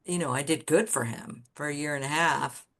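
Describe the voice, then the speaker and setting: A woman guest on a podcast, telling candid stories about her design career in a blunt, swearing, animated way. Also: sits low, normal speed. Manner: animated storyteller who acts out quoted people. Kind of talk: casual storytelling interview.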